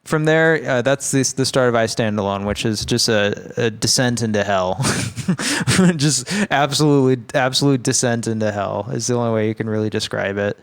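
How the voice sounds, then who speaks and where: A man's voice: medium pitch, normal speed, clean tone. A man co-hosting a podcast, casually recapping a film in a rambling, profane, laid-back way. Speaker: podcast co-host.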